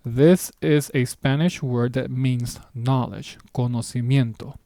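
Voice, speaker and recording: Male language teacher, mellow voice, dry close sound, patient and methodical. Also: medium pitch, fairly even intonation, no echo. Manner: patient, explains step by step, slows down for example words. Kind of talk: beginner language lesson at a whiteboard.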